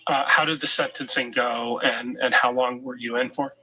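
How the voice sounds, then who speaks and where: A man interviewing a guest, asking measured, direct questions. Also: medium pitch, fairly even intonation, sharp tone, low-quality recording.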